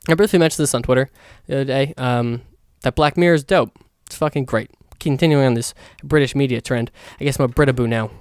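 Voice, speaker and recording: A young man hosting a solo podcast, rambling excitedly in a casual monologue and swearing a lot. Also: mid-range voice, fast talker, hardly any pauses, smooth, no room sound, studio quality. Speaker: podcast host.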